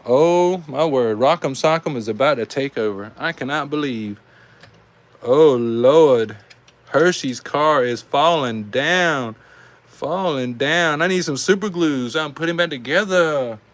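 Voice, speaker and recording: A man with a Southern US accent calling live die-cast car races, excitable and saying y'all, reading out times as each heat ends. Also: on the high side, moderate pace. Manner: excitable, calls out race times, says y'all. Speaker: die-cast race host and commentator. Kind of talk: live race commentary.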